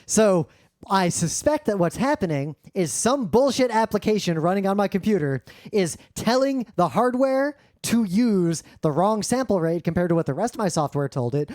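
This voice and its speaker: This tech podcast co-host has a high voice with a darkish tone, captured dry on a professional studio microphone in his home studio during a remote session. He's casual and plainspoken about audio troubles, with the odd swear word.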